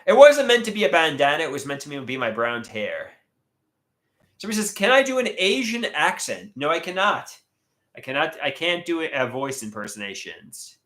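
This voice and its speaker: A man's voice: a little high, big pitch swings, normal speed, fairly bright tone. A man in his thirties hosting a casual live stream, chatting and reading viewer comments aloud, often stammering and restarting. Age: 30s. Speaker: livestream host.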